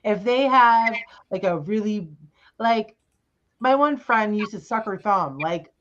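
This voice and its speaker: A woman's voice: mid-range voice, expressive, slow, a bit bright, lo-fi sound, a little hiss or hum. A woman panelist on a video call telling a story in a blunt, direct way with lots of "like". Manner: blunt, says "like" a lot.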